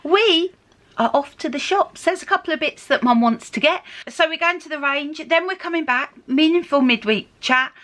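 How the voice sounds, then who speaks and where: A middle-aged woman with a high, slightly bright voice narrates a casual vlog to the camera at normal speed. She's chatty and upbeat, laughing often.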